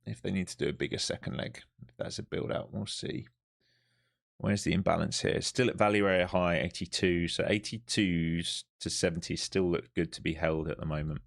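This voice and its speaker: A low-voiced man talks through a live trade as it unfolds, thinking aloud in a loose, profane, chatty way. He sounds overtired, like he's been at it all day. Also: fairly even intonation, moderate pace, vocal fry. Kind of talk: live trading commentary.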